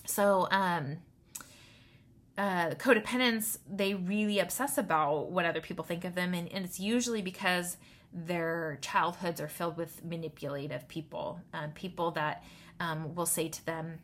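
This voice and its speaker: A woman in her thirties with a slightly low voice, talking casually through self-help rules. Her delivery is loose and chatty, full of "um" and "like". She often ends a point with "right?" to check in with the listener. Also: moderate pace, fairly bright tone. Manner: conversational, tags points with "right?"; loose, with many fillers. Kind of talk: casual advice talk.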